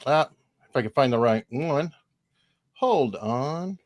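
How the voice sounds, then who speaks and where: A man co-hosting a live stream, chuckling and making dry teasing remarks between filler pauses. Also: mid-range voice, expressive, no echo. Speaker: podcast co-host. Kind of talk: casual live-stream chat.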